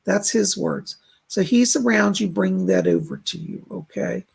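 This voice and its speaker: A man with a very gravelly, rough-edged voice hosts a live stream of psychic readings. He talks in a chatty way, full of fillers, as he passes along messages. His tone is husky rather than clean. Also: high-pitched, wildly swooping pitch, normal speed. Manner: chatty, relays spirit messages with many fillers. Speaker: psychic reader and host.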